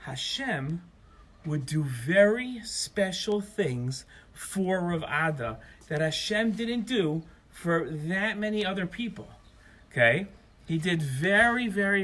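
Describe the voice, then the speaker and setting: High-voiced man telling kids a story. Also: fairly bright tone. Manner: emphatic, slowed-down explaining for children. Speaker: children's storyteller. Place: outdoors at his home.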